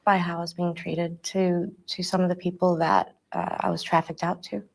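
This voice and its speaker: A woman giving an interview, speaking in a halting, hesitant way with many restarts as she recounts a personal account. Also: on the low side, little pitch movement, creaky.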